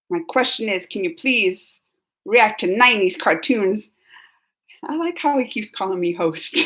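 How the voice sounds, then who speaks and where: Woman streamer, high voice, chatty host reading out chat comments with frequent laughs. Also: sharp tone. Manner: reads viewer comments aloud, chatty, laughs often. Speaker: reaction channel host. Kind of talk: casual live reaction chat.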